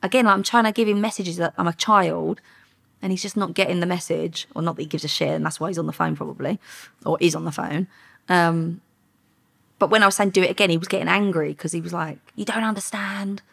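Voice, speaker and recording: A woman's voice: lowish voice, steady tone, fast talker, gravelly, a bit bright, breathy edge. A woman in her thirties, a former undercover police officer, telling her story in a casual interview and acting out the quoted exchanges.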